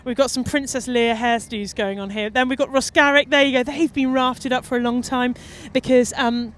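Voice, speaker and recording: A woman commentating live from a boat on the water, chatty, excitable and emotional. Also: on the high side, normal speed, a little hiss or hum. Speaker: race commentator.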